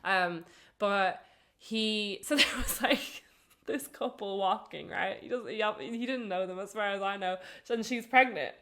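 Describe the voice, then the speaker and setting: A woman's voice: medium pitch, measured pace, bright, forceful tone. A young English woman co-hosting a podcast, telling a travel story in a chatty way, swearing casually and laughing often. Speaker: podcast co-host.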